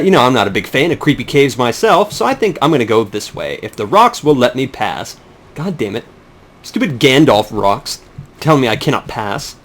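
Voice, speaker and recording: Young man, sarcastic game commentary, lively swinging pitch, swears often. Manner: rambling, sarcastic, swears a lot. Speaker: let's play commentator. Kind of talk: casual gameplay commentary.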